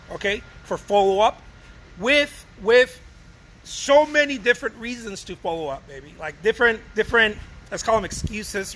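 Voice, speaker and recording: A man giving a casual, energetic talk to fellow artists about selling, often calling listeners "baby" and acting out short dialogues. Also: high voice, slight background noise, rough recording. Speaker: artist coaching other artists on sales.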